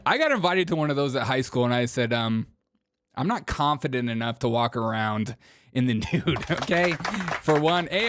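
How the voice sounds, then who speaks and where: A man's voice: mid-range voice, moderate pace, a little hiss or hum. A male show host riffing on political clips with a loose, irreverent delivery and frequent laughter. He reads viewer chat messages aloud and jokes about them as he talks into a streaming mic. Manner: laughs often, mocking and irreverent. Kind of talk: comedic political commentary.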